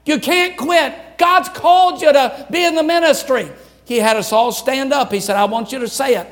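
A man's voice: very high-pitched, normal speed, a bit bright. An older man from Louisiana preaching a sermon in an emphatic, repetitive cadence. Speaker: pastor.

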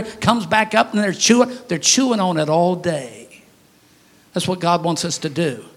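A man preaching a sermon as pastor, folksy and humorous, breaking into sudden loud shouts. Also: high voice.

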